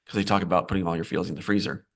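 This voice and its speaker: A man's voice: deep voice, steady tone, very fast, vocal fry. A man being interviewed as a screenwriter, talking in a meandering way, often restarting and repeating phrases. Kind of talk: live interview, casual talk.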